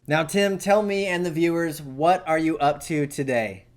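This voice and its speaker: A man's voice: on the high side, normal speed. Young man hosting an interview. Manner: friendly and direct, addresses viewers. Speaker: interviewer and channel host.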